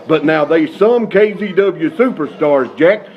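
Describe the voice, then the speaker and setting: A man's voice: on the high side, expressive, a little slow, dull audio. A man being interviewed as a wrestler, talking in a brash, hyped wrestling-promo style.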